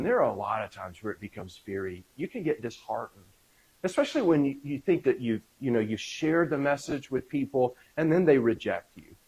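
A man's voice: mid-range voice, a little mellow, breathy edge, rough recording. A male pastor leading a prayer and then preaching a conversational sermon, with frequent fillers, restarts and personal stories. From Alabama, US.

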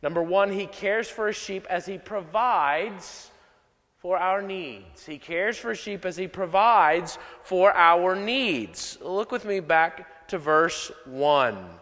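Slow, high-voiced preacher in a reverberant hall. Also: male voice, lively intonation, fairly bright tone. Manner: measured, emphatic preaching with slow repeated key lines. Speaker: pastor. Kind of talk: sermon.

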